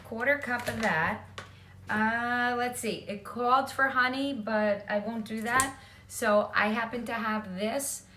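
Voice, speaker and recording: A chatty woman walks through a home cooking demo at an unhurried pace, her voice bright and forward. She keeps checking in with the viewer as she goes. The sound is roomy, bouncing around her kitchen. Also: fairly high pitch, a little hiss or hum. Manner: chatty, often checks in with "okay?". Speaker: home cook.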